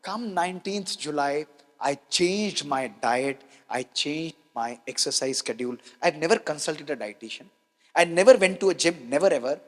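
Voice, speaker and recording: A man's voice: a little high, lively intonation, moderate pace. A man gives a motivational health talk to an audience, emphatic and repeating key lines, with rhetorical questions. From India. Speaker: doctor giving a health talk. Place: large hall with an audience. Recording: long hall reverb.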